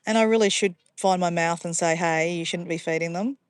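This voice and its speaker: A woman's voice: on the low side, fairly quick, clean tone, dry recording, studio quality. An Australian woman chatting casually to livestream viewers outdoors by a pond, easily sidetracked and calling her viewers guys. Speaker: livestream vlogger.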